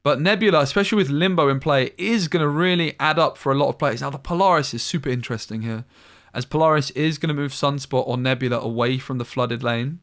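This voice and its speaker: A man casting a card game tournament live, calling plays briskly and thinking aloud between moves. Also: medium pitch, a bit bright. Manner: brisk analytical play-by-play with thinking-aloud asides. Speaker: tournament caster. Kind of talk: live esports play-by-play commentary.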